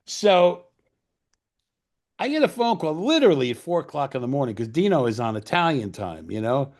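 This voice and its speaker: A man's voice: on the high side, sing-song, moderate pace, a little mellow. A man in his sixties, a screenwriter, telling stories casually as an interview guest; rambling and profane, with lots of fillers and restarts. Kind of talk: casual anecdotal storytelling.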